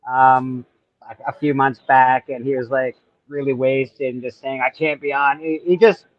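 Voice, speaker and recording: A man's voice: mid-range voice, steady tone, normal speed, no echo. A man co-hosting a casual podcast chat, blunt and talking like a buddy. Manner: blunt, says "bro" often. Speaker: podcast co-host. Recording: dull lo-fi sound.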